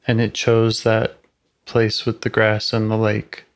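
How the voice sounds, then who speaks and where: A therapist guiding a session calmly, with short affirmations and gentle questions, over a video call. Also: medium pitch, unhurried. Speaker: IFS therapist.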